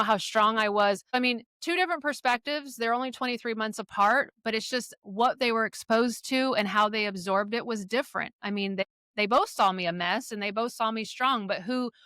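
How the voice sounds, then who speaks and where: A middle-aged woman guesting on a podcast as a coparenting expert, telling stories in a blunt, animated way with frequent swearing. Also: fairly high pitch, clean tone, dry recording, clean studio sound. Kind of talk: podcast conversation.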